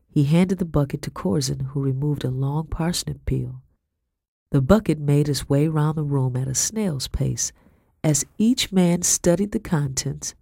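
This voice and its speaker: A woman reading a first-person story aloud in a measured, grave way. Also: sits low, creaky, warm tone, husky, dry recording, clean studio sound. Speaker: audiobook narrator.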